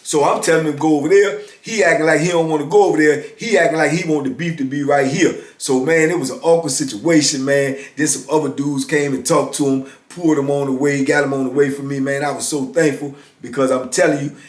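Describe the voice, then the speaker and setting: A man's voice: a little high, fairly even intonation, fast, hardly any pauses. Storytelling middle-aged man, echoey room. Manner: conversational, often asks "you know what I'm saying". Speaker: vlogger telling prison stories. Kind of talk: casual storytelling.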